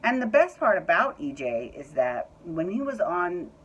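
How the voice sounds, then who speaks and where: A woman's voice: fairly low pitch, sing-song, moderate pace, slightly rough, lo-fi sound. A woman recapping a reality show in a chatty, opinionated way, swearing freely. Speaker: recap vlogger.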